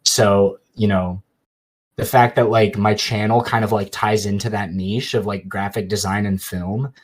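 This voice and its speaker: A young man with a fairly low voice chats casually as a podcast guest. He tells long, rambling stories full of "like" and "you know," acting out both sides of his conversations. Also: steady tone, unhurried. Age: young adult. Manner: rambling storytelling with many fillers. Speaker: YouTuber guest.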